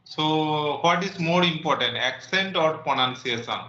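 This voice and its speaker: A man's voice: a little high, a little slow, sharp tone, slight background noise. A man from India with an Indian English accent, interviewing a guest and often saying "okay" as he restarts phrases. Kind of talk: conversational interview. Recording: echoey, muffled room sound.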